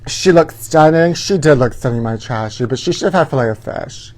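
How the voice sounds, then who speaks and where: A man's voice: a little high, animated, brisk, darkish tone, slight background noise. A man hosting a live gossip show from his parents' house, talking in a sassy, campy way and calling everyone honey.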